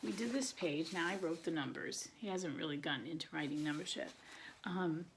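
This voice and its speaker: An older woman chatting casually from home about her child's learning, rambling and drifting into soft, half-whispered asides as she shows materials. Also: on the low side, expressive, moderate pace, slight background noise. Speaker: homeschooling parent and channel host. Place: at home, showing materials to camera.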